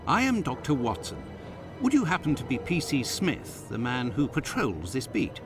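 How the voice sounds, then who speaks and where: An actor playing Doctor Watson, a polite, earnest companion who speaks formally in a video game. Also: male voice, mid-range voice, huge pitch swings, moderate pace, music in the background. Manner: courteous, formal.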